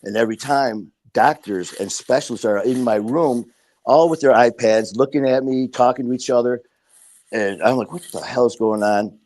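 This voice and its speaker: A man's voice: medium pitch, moderate pace, a little mellow. A man as a podcast guest, telling his story casually and bluntly, swearing and acting out what people said. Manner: blunt, profane, acts out quoted dialogue.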